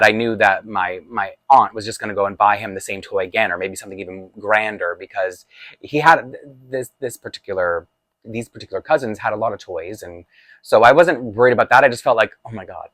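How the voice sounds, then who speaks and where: A man's voice: fairly low pitch, fairly bright tone, no room sound. A man in his forties telling a personal childhood story in a chatty, confessional way, laughing often. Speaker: vlogger. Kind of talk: storytime vlog.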